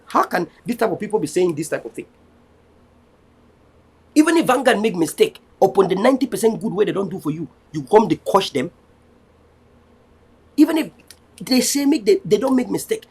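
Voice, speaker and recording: A man's voice: sits high, creaky, a little mellow, breathy edge. A man from Cameroon, hosting an online show and giving an impassioned, defiant political address that often turns preachy. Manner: defiant, preaching, repetitive rallying. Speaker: online TV host.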